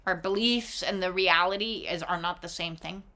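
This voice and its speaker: A woman gives a casual, reflective oracle card reading, full of expressive asides and casual swearing. Her voice is on the low side and she talks at a normal speed.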